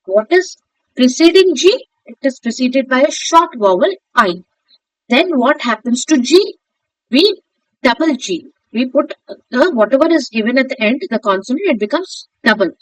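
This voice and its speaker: A woman teaching a grammar lesson, spelling words out slowly and asking and answering her own questions. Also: high-pitched, lively intonation, dry recording, rough recording. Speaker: English teacher.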